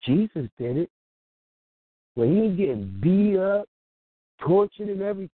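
Man, storyteller, chuckling, very lively pitch, thin phone line, dry. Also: moderate pace, no echo. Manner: lively storyteller who chuckles and acts out other people's voices. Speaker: small business owner on an internet radio show. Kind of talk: animated anecdote and advice.

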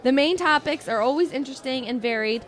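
Woman, podcast co-host, reads listener mail, giggly, upbeat, a bit high-pitched. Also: quick pace. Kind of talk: reading a listener message aloud.

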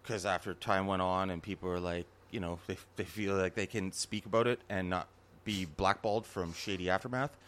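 A man's voice: low voice, steady tone, fairly quick, a bit bright. A man co-hosting a podcast, chatting casually, rambling with restarts and steering back to his point. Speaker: podcast co-host. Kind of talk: casual chat.

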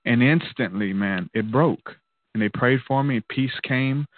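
A man's voice: mid-range voice, a little slow, a little hiss or hum. A man casually telling a personal testimony in an earnest, loose way, peppered with "man" and "dude". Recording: tinny phone-like line, dry.

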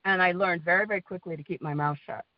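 A woman's voice: on the low side, steady tone, fast talker, dry recording, highs cut off. A woman from the United States with a Western American accent, calling in to a community prayer call, telling her story in a rambling way with many fillers and repeated "okay?"s, sounding exhausted. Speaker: caller. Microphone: phone line.

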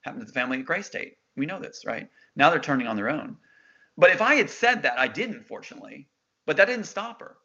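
Fast and forceful, this middle-aged interview guest speaks a little high with big pitch swings, vocal fry and a bright tone. His emotional story comes out insistently, peppered with others' quoted words, over dull lo-fi audio.

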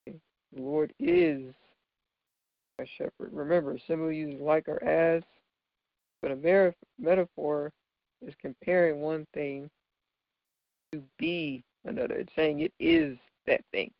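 A man with a slightly high, creaky voice teaches scriptural figures of speech at a measured pace, animated and patient, often asking "right?" to check in. The recording is dull, lo-fi and dry, with no room sound.

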